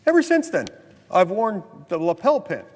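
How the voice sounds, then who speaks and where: American senator speaking in an echoing chamber. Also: male voice, high-pitched, big pitch swings, moderate pace. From United States. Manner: storytelling, mimics others in quotes, then earnest and insistent. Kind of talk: floor speech mixing anecdote and argument. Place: legislative chamber. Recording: long reverb of a large chamber.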